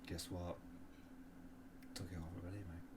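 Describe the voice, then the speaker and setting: A man's voice: low voice, level tone, moderate pace, background noise. A man co-hosting a casual podcast, boisterous, swearing and laughing often. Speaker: podcast co-host.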